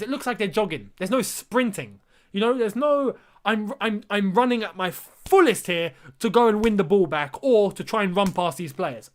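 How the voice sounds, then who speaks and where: Exasperated young man reacting to football. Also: high voice. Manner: exasperated, incredulous, talks to viewers as lads. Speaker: football watchalong host. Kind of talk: live match reaction and commentary.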